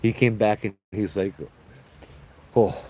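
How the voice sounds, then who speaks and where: Man, Hawaiian accent, middle-aged, low pitch, mellow tone, casual animated storytelling, outdoors, insects chirping behind. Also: normal speed, poor audio. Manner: animated, acts out voices and sounds, says bro and bruh. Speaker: ghost tour guide telling stories on location. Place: outdoors at a trail at night. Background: crickets and insects.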